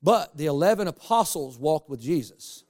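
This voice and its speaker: A male pastor preaching a sermon, animated and humorous, with asides to the congregation. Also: a little high, moderate pace.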